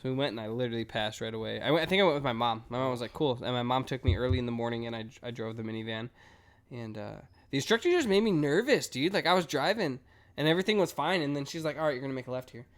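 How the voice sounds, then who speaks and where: A man's voice: mid-range voice, fast talker. A young man from Las Vegas co-hosting a podcast, telling stories casually and acting out what people said. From Las Vegas, USA. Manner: animated storyteller, acts out quotes; casual, heavy filler words. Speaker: podcast co-host. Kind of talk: casual chat.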